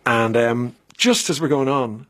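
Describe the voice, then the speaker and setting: A middle-aged Irish man, a musician and actor, telling lively stories in a radio interview with frequent restarts. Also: mid-range voice, measured pace. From Ireland. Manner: animated anecdotes with many restarts. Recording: radio studio.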